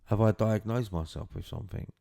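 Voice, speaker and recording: A man's voice: fairly low pitch, brisk, vocal fry, warm tone, no room sound, clean studio sound. A middle-aged man telling his own story in a candid, earnest way, swearing casually as he talks.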